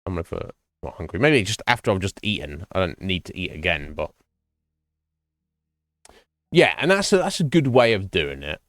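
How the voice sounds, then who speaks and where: A man's voice: low-pitched, big pitch swings, moderate pace, pauses often, a bit bright, no room sound. A man streaming a game and chatting casually with his viewers, musing aloud with lots of fillers and restarts. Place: home streaming setup. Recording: dry close mic, faint game music behind.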